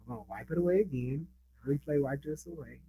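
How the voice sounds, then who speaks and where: A man's voice: fairly high pitch, fast talker, dark tone, slight background noise, rough recording. A man giving a casual screen-share trading lesson as its instructor, chatting and often checking in with his listeners. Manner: chatty, keeps asking "right?".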